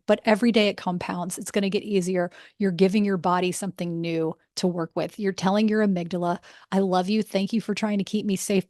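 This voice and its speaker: A woman's voice: mid-range voice, a little mellow, no echo. Woman coach hosting a motivational podcast monologue; encouraging, candid, casual, dry close sound. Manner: casual with fillers. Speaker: podcast host and breath work coach.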